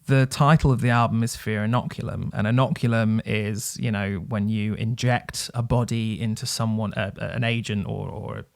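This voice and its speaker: A man on a podcast, theorizing eagerly in a casual chat and stumbling through fillers. His mid-pitched voice has a gravelly, fry-laden edge. The sound is dry and close, with no room around it. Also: fairly even intonation, moderate pace, hardly any pauses, dry recording. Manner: nerdy, enthusiastic theorizing with frequent fillers and laughs. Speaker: podcast co-host. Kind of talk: casual music review chat.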